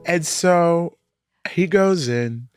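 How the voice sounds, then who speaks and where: Man, podcast recap, animated storyteller acting out quotes, dry sound. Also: fairly high pitch, extremely slow, clean tone, no echo, faint music behind. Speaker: podcast panelist. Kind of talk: casual TV recap chat.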